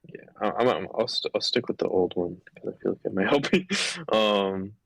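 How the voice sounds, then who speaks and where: A man playing a tabletop role-playing game, talking casually with halting restarts and laughter. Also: lowish voice, creaky, dry recording. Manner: halting, laughing, with sudden blustering threats in character. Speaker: player.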